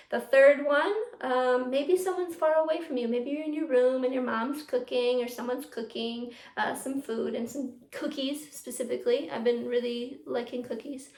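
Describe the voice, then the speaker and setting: A young woman teaching a youth theatre class from home, coaching the viewer through breathing warm-ups and practice lines. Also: high voice. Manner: encouraging, talks straight to the viewer, leads breathing drills. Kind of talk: virtual class to children at home. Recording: echoey room.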